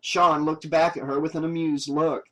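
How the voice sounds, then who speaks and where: A man reading a horror novel aloud as an audiobook narrator, steady and plain. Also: fairly high pitch, moderate pace, rough recording.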